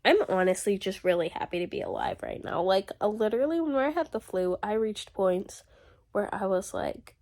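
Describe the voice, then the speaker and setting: A woman talks straight to camera in a casual diary vlog, venting at length. Her delivery is animated and ranting, packed with "like" and "literally". She is still getting over being sick, and her pitch sits in the middle of the range. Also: moderate pace. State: recovering from illness. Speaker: vlogger.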